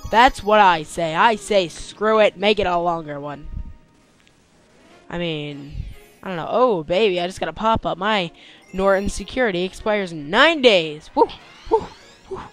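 A young man giving gameplay commentary, tired and yawning, complaining one moment and yelping with excitement the next. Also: high-pitched, measured pace. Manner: excitable, complaining, with sudden yelps. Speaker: let's play host. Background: faint game music.

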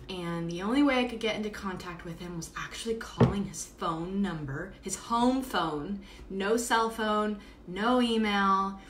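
This podcast host, tired and streaming live from her home, talks in a casual, rambling monologue full of fillers. Her voice sits at medium pitch. The room echoes, with faint background ambience and a little hiss or hum.

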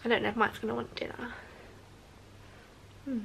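A woman's voice: a little high, flat delivery, fairly quick, creaky, a bit bright, breathy edge. A young woman chatting casually to camera at home, rambling along with plenty of ums. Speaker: mum vlogger. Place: family home, indoors. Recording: dull lo-fi audio with background noise.

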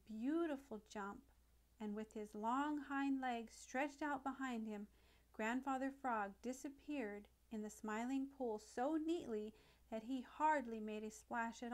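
A woman reads a classic children's nature story aloud with a gentle, expressive storyteller's touch. Her voice sits a little higher than most. The delivery is a careful, warm-paced storybook narration.

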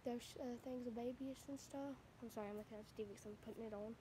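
Her voice sits on the high side and holds a steady tone as she talks quickly over a noisy background. She's at home by the TV, recording a casual reaction vlog on her phone camera and chattering on in a gushing, rambling manner.

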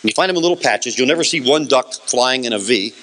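A man giving a lively motivational seminar talk to a room, asking the audience questions and answering them himself. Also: mid-range voice, fast talker, very noisy. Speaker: motivational speaker.

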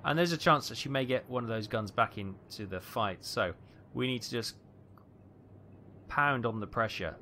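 Bright-voiced man commentating a naval game. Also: medium pitch, moderate pace, slight background noise. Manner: tense, excitable, calling out fire orders. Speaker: gameplay commentator. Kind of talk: live gameplay commentary.

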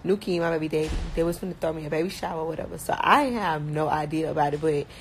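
A young woman with a Miami accent talks fast and bluntly, packing her sentences with slang and fillers. Her voice sits fairly low for a woman. A faint hiss of background noise runs under the recording. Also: poor audio. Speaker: rapper talking about her life. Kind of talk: casual chat.

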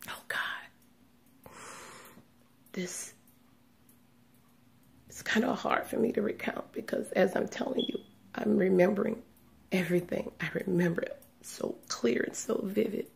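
A woman giving a personal religious testimony, speaking in a hushed, trembling way that often sinks into a whisper, close to tears. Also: medium pitch, steady tone, normal speed, vocal fry, long pauses. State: tearful, on the verge of crying.

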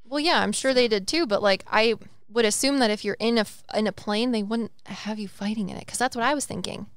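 Animated and rambling, a young woman co-hosts a casual podcast as a psychic medium, cursing and playing out quotes in various voices. Her voice runs on the high side and fairly quick, smooth and echo-free with studio quality.

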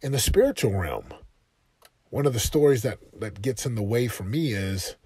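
A man delivers a motivational monologue with a husky, slightly breathy voice. He hammers his points home with emphatic repetition. The recording is dry and close, with no room sound. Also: mid-range voice, animated, normal speed, darkish tone, no echo. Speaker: motivational podcast host.

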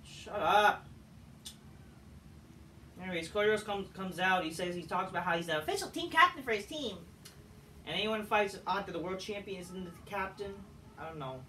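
A man's voice: high-pitched, normal speed, long pauses, sharp tone, a little hiss or hum. A man reviewing a wrestling show in a profane, exasperated, sarcastic rant. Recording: echoey room, distant mic.

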